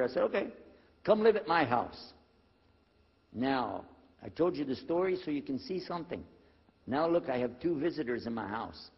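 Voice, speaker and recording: An older American man telling his life story to an audience, acting out the dialogue with lively shifts. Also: a little high, normal speed, breathy edge. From United States. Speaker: former preacher telling his conversion story. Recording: dull lo-fi recording in a reverberant hall.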